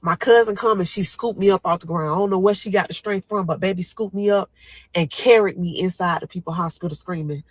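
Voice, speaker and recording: A woman's voice: fairly low pitch, fairly quick, no room sound, rough recording. A young woman recounting her own story to listeners, dramatic and vivid, acting out her panicked pleas in a raised voice. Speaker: storyteller guest. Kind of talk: emotional first-person storytelling.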